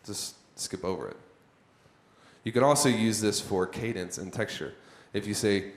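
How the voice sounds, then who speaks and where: A man with a fairly low voice teaches a workshop on writing content and keeps quizzing the people in front of him. His tone stays chatty and direct. The sound bounces around the room he is speaking in. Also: moderate pace. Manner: conversational, quizzes the audience. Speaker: content creation trainer. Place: room with a live audience. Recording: echoey room.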